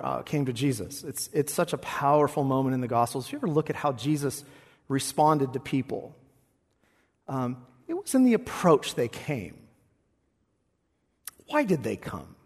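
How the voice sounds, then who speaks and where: A male pastor preaching a sermon, expressive, swinging between loud passages and hushed ones. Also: mid-range voice, long reverb tail.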